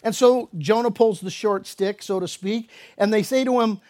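Casting note: high-pitched male pastor, chatty sermon delivery, jokey asides. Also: moderate pace, hardly any pauses, a little mellow. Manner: casual, conversational preaching with asides and acted-out dialogue. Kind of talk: expository sermon.

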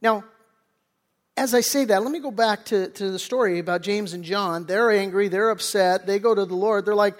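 Conversational pastor preaching in a reverberant hall. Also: male voice, high voice, normal speed. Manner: conversational preaching, dramatic quoted voices, many restarts. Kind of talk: sermon.

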